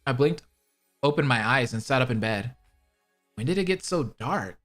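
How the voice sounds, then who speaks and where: A tired, kind older woman tells her story in the first person, voiced by a man reading aloud. The reading is plain, with a pitch that moves freely. Soft music plays in the background. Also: animated, normal speed, natural voice.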